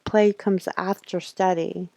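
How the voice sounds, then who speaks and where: A woman voicing a sullen, withdrawn schoolgirl in a horror game, read in a flat, unexcited way. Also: fairly low pitch, takes it slowly, no room sound.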